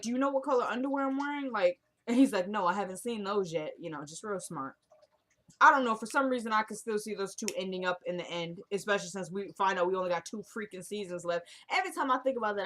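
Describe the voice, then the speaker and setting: Chatty young woman recapping a TV episode. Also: medium pitch. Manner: chatty, animated, acts out the scenes she recaps. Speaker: TV episode reviewer. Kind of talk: casual chat recap.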